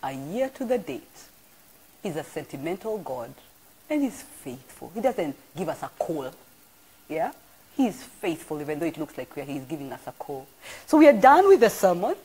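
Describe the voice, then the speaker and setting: Husky, low-pitched woman pastor; expressive, storytelling sermon delivery. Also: moderate pace. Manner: animated storyteller with exclamations. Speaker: church apostle. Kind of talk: informal live-streamed sermon.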